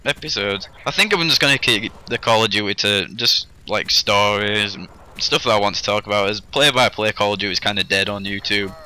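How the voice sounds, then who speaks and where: A young man talks casually to his viewers in a voice-over. His voice is bright and cutting, set a little low. He rambles and jokes at his own expense. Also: brisk, clean tone. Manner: chatty, rambling, self-deprecating humour. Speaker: gaming YouTuber. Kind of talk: casual vlog storytelling over game footage.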